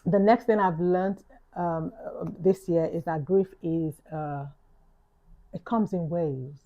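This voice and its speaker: A woman's voice: fairly low pitch, slow pace, highs cut off. A woman with a London accent giving an earnest, reflective vlog monologue, repeating key phrases for emphasis. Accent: London English. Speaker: YouTuber.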